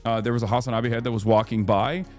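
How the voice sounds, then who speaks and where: A man in his thirties chats on a live stream, telling stories in a lively, cursing, ranting way. His voice sits at an ordinary middle pitch, and faint music plays underneath. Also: fast. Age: 30s. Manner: animated, profane storytelling, ranting. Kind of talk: casual live-stream chat.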